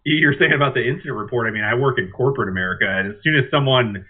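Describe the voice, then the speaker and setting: A man's voice: medium pitch, very fast, breathy edge. Easygoing man over tinny audio. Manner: easygoing, musing, hedging remarks. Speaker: podcast co-host. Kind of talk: casual chat.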